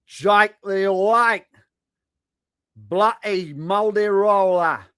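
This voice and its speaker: A man's voice: sits high, very slow, a bit bright, smooth, voice pushed up, full character voice. A man putting on an exaggerated mock Australian accent as a brash, cartoonish bloke. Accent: put-on Australian.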